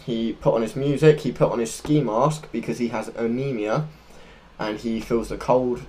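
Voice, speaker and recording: A man's voice: mid-range voice, fairly even intonation, moderate pace, dark tone, slight background noise. Earnest rambling man. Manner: earnest, loose and rambling, searching for words. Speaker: podcast co-host. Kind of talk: unscripted conversational storytelling.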